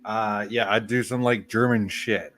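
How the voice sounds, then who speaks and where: A man chatting as a guest on a casual livestream, swearing freely and bursting out loudly. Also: lowish voice, fairly even intonation, measured pace. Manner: loud, profane outbursts.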